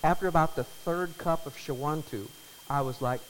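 A man's voice: on the high side, normal speed. A man in his fifties preaching a sermon as pastor, chatty and emotional, telling stories with many restarts. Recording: hall reverb, faint hum.

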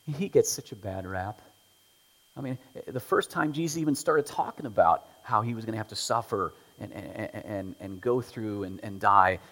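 A man preaching a sermon, telling the story with animated delivery, acting out quotes and dropping to whispers. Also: low voice, vocal fry, slightly rough. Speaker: pastor. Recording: long hall reverb.

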